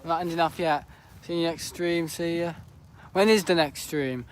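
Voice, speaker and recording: A teenage boy with a slightly high voice, rambling through casual live commentary on the planes. He chats loosely and laughs a lot. He was recorded outdoors at an airport viewing park, with faint hiss and traffic noise around him. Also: fairly even intonation, moderate pace. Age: teens. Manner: chatty, rambling, laughs often. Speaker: planespotting livestreamer.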